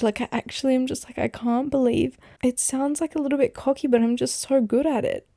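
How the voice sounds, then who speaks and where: A young adult woman hosting her own podcast, talking in a chatty, excitable way and laughing often. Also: on the high side, creaky, no echo, clean studio sound. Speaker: podcast host. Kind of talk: casual solo podcast talk.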